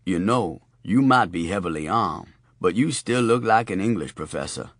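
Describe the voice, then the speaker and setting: Cast: a man playing a deep-voiced, unhurried streetwise tough guy, dry close recording. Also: lively intonation, a bit bright, no room sound. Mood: cool.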